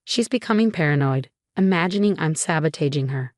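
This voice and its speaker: A scheming, sneering mother-in-law from a told story, read by a woman narrator. The voice stays low and dry. She sounds much like the narrator herself. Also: animated, brisk, no echo.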